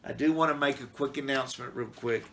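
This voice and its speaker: A man's voice: medium pitch, fast, fairly bright tone, a little hiss or hum. A middle-aged man, a pastor, giving a casual, plain-spoken devotional talk on a Bible passage in a folksy, conversational way.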